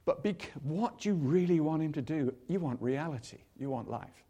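Older guy preaching, high-ish voice, chatty, does little voices for the bible people. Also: expressive, moderate pace, warm tone. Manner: chatty, acts out quotes in voices. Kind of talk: sermon.

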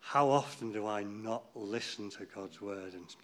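A man's voice: lowish voice, a little slow, fairly bright tone. A man giving an informal, rambling talk to a church group, chatty and losing his place now and then.

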